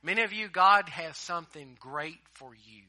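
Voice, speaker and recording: A man preaching a sermon as a pastor, emphatic, swinging between loud declarations and hushed asides. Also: sits high, moderate pace.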